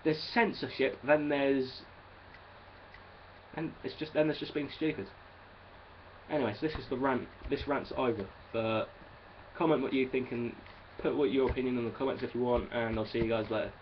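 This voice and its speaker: A young Englishman rants to camera in an exasperated, rambling way, swearing freely as he goes. His voice sits at a middling pitch. The recording is a touch muffled, with a faint hiss underneath. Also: fairly even intonation, normal speed. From England. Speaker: vlogger. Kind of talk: ranting monologue.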